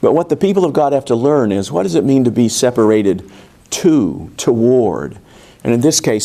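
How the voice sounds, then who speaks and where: Guy preaching in a church, chatty and rambling, mellow dark voice. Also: mid-range voice. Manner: conversational, folksy, with many restarts and asides. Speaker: pastor. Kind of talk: sermon. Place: church sanctuary.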